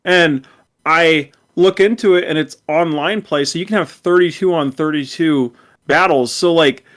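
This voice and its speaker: Excited rambling male podcast co-host. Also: a little high, normal speed. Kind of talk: casual podcast chat.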